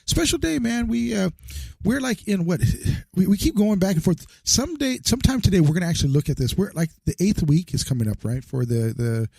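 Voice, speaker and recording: Male show host, rambling and jokey, gravelly mellow tone, dry close recording. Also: sits high, sing-song, brisk, no room sound. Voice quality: chatty, rambling, laughs often. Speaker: podcast host. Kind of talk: casual interview chat.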